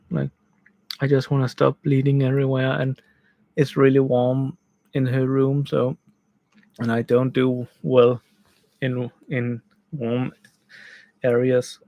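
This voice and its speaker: A man's voice: mid-range voice, vocal fry, no room sound, low-quality recording. A man casually telling a rambling story from a room by a bed, full of restarts and "like". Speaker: gaming channel host.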